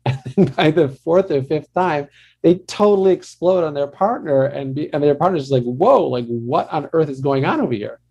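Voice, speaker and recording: A man's voice: medium pitch, warm tone. A middle-aged man, a marriage counselor, giving a conversational workshop talk to a group and often laughing and calling on participants.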